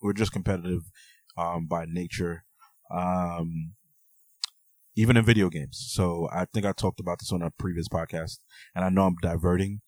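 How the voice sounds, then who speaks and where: A man with a very deep voice co-hosting a podcast, relaxed and joking, with plenty of fillers. The sound is dry and close to the mic. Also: moderate pace, no echo. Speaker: podcast co-host. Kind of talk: casual podcast chat and advice.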